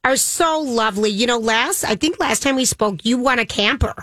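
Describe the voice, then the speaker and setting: A woman's voice: on the high side, normal speed, fairly bright tone, no room sound, clean studio sound. A woman co-host in a casual chat who asks friendly follow-up questions.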